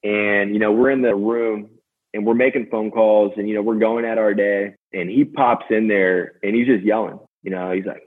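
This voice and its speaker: A man guest in a casual interview, telling stories fast and energetically with many fillers. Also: lowish voice, steady tone, husky. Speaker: podcast guest, sales manager. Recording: tinny phone-line sound.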